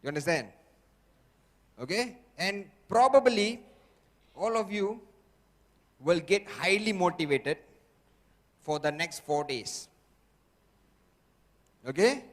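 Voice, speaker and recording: A man's voice: sits high, lively intonation, slow, long pauses. A man giving an emphatic motivational sales training talk, repeating himself and checking in with the audience again and again. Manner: emphatic, repetitive, constant "okay?" checks with audience. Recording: echoey hall.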